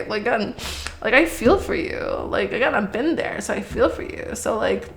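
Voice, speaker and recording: A woman's voice: mid-range voice, vocal fry. A woman giving a casual tarot reading to camera, rambling and chatty, with many fillers, and swearing when she gets worked up. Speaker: tarot reader.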